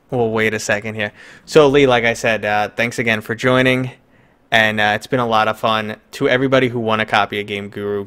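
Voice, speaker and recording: His voice is medium in pitch, fairly bright, and clean as this New York-accented man hosts a casual live stream. The chat is loose and jokey, packed with fillers.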